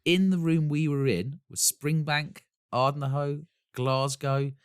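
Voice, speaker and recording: A man's voice: on the high side, slow pace, clean tone, no room sound, studio quality. A man from Essex, co-hosting a podcast in casual chat, telling stories with enthusiasm and frequent laughs. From Essex, England. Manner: enthusiastic storyteller, laughs often. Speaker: podcast co-host.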